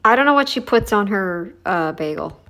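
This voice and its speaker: A woman's voice: mid-range voice, lively intonation, normal speed, noisy background. A woman giving casual, blunt reaction commentary on a video, chatty and frank. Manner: chatty, blunt, says "dude" and "honey".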